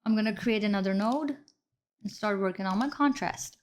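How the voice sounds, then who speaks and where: A woman's voice: mid-range voice, normal speed. Woman walking through a color grading tutorial. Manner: explains step by step, apologizes for slips. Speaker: video editing instructor. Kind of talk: screen-recorded tutorial.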